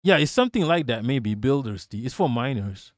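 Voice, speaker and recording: A man from Malaysia hosting a livestream, telling stories in an animated, swearing, casual way. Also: medium pitch, a little fast, dry recording, clean studio sound. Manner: animated, profane storytelling. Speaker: livestream host.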